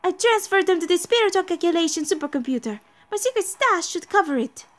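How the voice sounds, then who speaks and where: Woman voicing a brisk, high-pitched inventor. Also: lively intonation. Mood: urgent. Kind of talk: reading game dialogue aloud.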